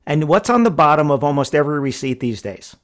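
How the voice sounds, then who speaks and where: A man's voice: a little high, sing-song, quick pace. A man hosting a podcast, telling stories in a chatty way and often checking in with "right?". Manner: chatty storyteller who keeps checking in with "right?". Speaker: podcast host. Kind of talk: conversational podcast storytelling.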